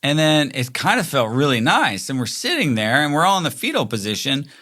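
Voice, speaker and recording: A man in his forties talks through a casual, reflective solo monologue, leaning on "like" as he wanders between thoughts. His voice sits at an ordinary pitch but carries a bright, forward edge. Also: sing-song, brisk. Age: 40s. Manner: rambling, frequent "like" fillers, mimics quoted voices. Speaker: podcast host.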